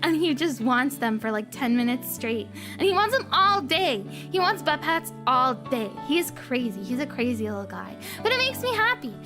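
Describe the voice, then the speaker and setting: A woman's voice: high-pitched, big pitch swings, moderate pace, few pauses. A woman streamer chatting casually in a bubbly, rambling, playful way. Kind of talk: casual chat. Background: faint background music.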